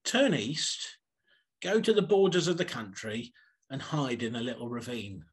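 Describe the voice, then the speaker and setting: A man voicing God giving calm commands. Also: medium pitch, a little slow, breathy edge. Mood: commanding.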